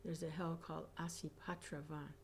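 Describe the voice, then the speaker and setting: A woman reading scripture aloud and commenting on it as a class teacher, reflective and pausing with soft hums. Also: sits low, level tone, slight background noise.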